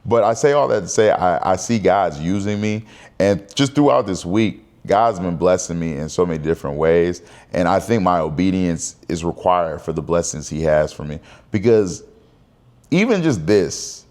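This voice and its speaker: A man's voice: low voice, animated, moderate pace, darkish tone. A man in his thirties talking candidly to camera in a casual personal vlog, rambling and conversational. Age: 30s. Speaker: vlogger.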